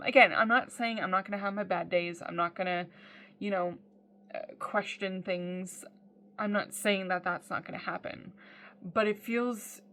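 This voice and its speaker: A woman speaking straight to her followers in a video diary, blunt and casual. She swears freely and fills her pauses with "um." Her voice sits at an ordinary middle pitch. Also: a bit bright. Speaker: vlogger.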